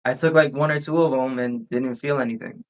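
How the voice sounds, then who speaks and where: A man's voice: medium pitch, steady tone, fairly quick. A man chatting casually on a podcast, telling rambling stories with frequent restarts. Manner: rambling storyteller, restarts often. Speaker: podcast host. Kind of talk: casual chat.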